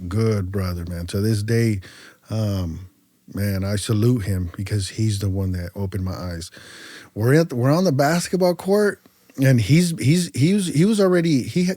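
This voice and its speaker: A man from California's Central Valley, a podcast guest telling his story casually, loose and animated, with lots of fillers. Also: fairly low pitch, no room sound.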